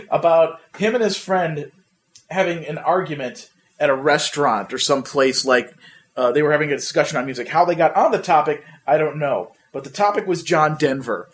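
A young man hosting a podcast, ranting and swearing in casual, animated chat. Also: on the high side, moderate pace. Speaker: podcast host.

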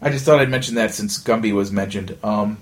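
A man hosting a podcast, telling an animated, rambling story in casual chat, full of restarts and asides. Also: on the low side, fairly quick. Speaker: podcast host.

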